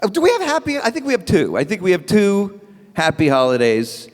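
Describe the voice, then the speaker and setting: With a brisk delivery and a voice that sits high, a man does self-mocking stand-up at an evening event, chatting animatedly and acting out bits. A live crowd fills the event hall, and long reverb hangs in the recording.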